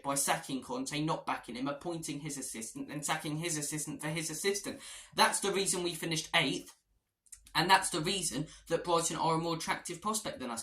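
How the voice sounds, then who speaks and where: A man rants about transfer news in a fan vlog, repeating himself in exasperation. His voice sits a little high and sounds bright and tense. The room is roomy, with a clear echo. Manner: exasperated, repetitive ranting. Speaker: football fan vlogger.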